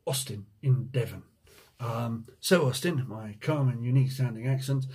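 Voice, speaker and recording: A man's voice: mid-range voice, normal speed, a little mellow, breathy edge. A middle-aged man from Jersey with a mixed Jersey accent, chatting casually as he answers viewer questions about his window cleaning business, joking and humming as he reads. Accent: Jersey, mixed with time in the USA. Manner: chatty and joking, reads questions aloud, hums while scrolling. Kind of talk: casual Q&A vlog.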